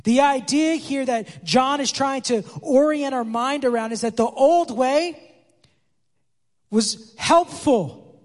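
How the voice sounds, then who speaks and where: A man's voice: very high voice, takes it slowly. A pastor preaching a conversational sermon, acting out quoted dialogue as he explains the text. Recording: long hall reverb.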